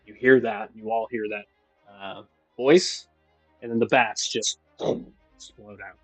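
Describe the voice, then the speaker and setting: A man's voice: on the low side, slow pace, fairly bright tone, breathy edge, no room sound, poor audio. Man narrating a tabletop game. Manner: descriptive, with frequent fillers and restarts. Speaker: game master. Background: faint music.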